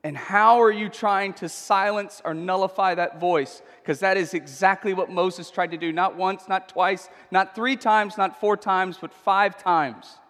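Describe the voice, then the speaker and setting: A man preaching in a church with a high, bright voice and an emphatic, conversational delivery. He punctuates his points with quick check-ins to the crowd. His words trail off into a long hall reverb. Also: steady tone. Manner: conversational, emphatic, frequent tag questions. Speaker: pastor. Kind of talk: sermon.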